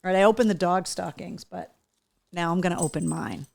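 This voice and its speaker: A woman's voice: on the low side, a little fast, gravelly. A woman hosting a live talk show, chatting casually while opening gifts and cooing at a dog. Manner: animated, coos and baby-talks to a dog.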